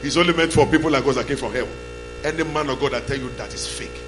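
A man preaching a sermon as pastor, calling the congregation to shout back, in a church hall with music and hum behind. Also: mid-range voice, quick pace. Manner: call-and-response, shouting bursts.

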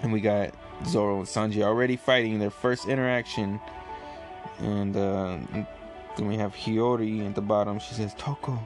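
A man with a fairly low voice talks through a comic chapter in a loose, rambling way, filling gaps with "you know" and "like". Faint music plays softly underneath him. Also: moderate pace. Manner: relaxed, rambling, many fillers. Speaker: comic reviewer. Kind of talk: casual chapter review.

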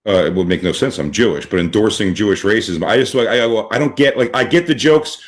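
A man in casual podcast chat who rambles with halting restarts. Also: on the low side.

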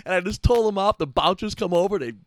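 Profane, animated male podcast host. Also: high voice, fast, no room sound. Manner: profane, animated storyteller who laughs often. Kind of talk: casual chat, storytelling.

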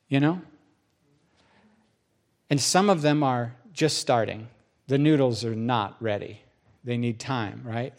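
A middle-aged pastor preaching a sermon, telling stories with lots of voiced quotes. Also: male voice, on the high side. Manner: animated storytelling with many voiced quotes.

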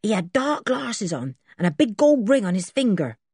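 A woman voicing an eager, cheerful teenage garage boy who chatters excitedly in a storybook reading. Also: medium pitch, normal speed, breathy edge, no room sound, clean studio sound, voice pushed up.

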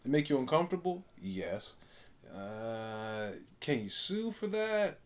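A man's voice: medium pitch, very animated, measured pace. A man in his thirties, a podcast co-host, talking emphatically in slangy casual banter and acting out quotes.

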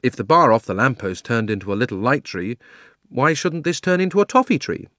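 A man's voice: mid-range voice, very animated, a little fast, bright, forceful tone, no room sound. A man voicing an earnest, practical young boy in an audiobook, speaking plainly, close to his own voice. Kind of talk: audiobook character voice.

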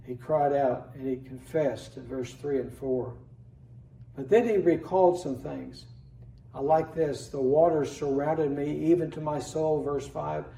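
Pastor, male, earnest sermon delivery, slightly raised pitch, heard from afar in an echoing church. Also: fairly even intonation, a little slow, gravelly, warm tone. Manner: earnest preaching, reads scripture aloud with rising emphasis. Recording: echoey room, voice from a distance.

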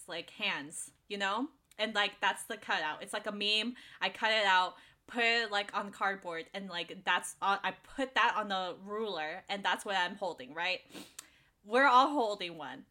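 Young woman, casual storyteller, bright and animated, laughs easily. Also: medium pitch. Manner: giggly, animated, lots of fillers.

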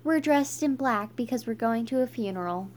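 A woman's voice: on the high side, lively intonation, moderate pace, darkish tone, a little hiss or hum, lightly acted. A woman voicing a bossy second-grade girl with a stern, scolding manner while reading a storybook aloud.

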